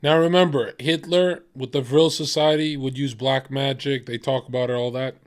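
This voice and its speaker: A man streaming casually, reacting to videos with profane jokes and sudden shouted bits. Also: mid-range voice, fairly even intonation, moderate pace, soft background music. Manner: profane, jokey, jumps to loud shouting bits.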